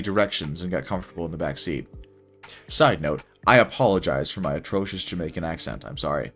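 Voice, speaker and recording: A man's voice: deep voice, a little fast, a bit bright, husky, soft background music. A young man reading his own first-person story aloud in a wry, casual way.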